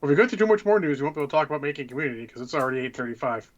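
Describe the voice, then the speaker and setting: A man's voice: fairly high pitch, lively intonation, racing, highs cut off. A man co-hosting a tabletop gaming podcast, ranting bluntly and swearing a lot in casual chat. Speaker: podcast co-host.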